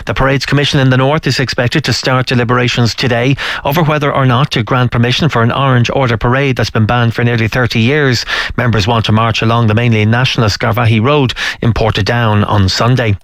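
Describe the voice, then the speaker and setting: An Irish man reading the radio news at a middle pitch. His delivery is measured and clear. The booth sound is close and dry. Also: steady tone, a bit bright, no echo. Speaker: newsreader. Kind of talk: read radio news bulletin.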